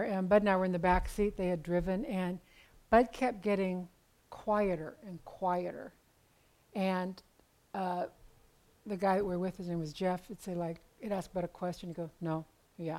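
A woman's voice: fairly low pitch, a little mellow, poor audio. A woman in her seventies teaching a women's Bible study in a candid, conversational way, telling personal stories with dry, self-deprecating humor.

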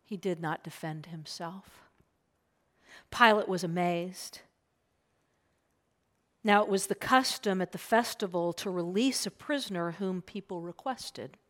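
Slow earnest woman preaching. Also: medium pitch. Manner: earnest, drops to a hushed whisper for emphasis. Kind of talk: sermon retelling a gospel passage.

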